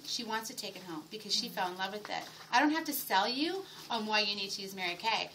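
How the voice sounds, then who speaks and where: Recorded from afar with a little room noise, this middle-aged woman delivers a sales training session featuring a role-played pitch. Her voice runs high and bright with a forceful edge, and she eagerly quizzes her listeners as she goes.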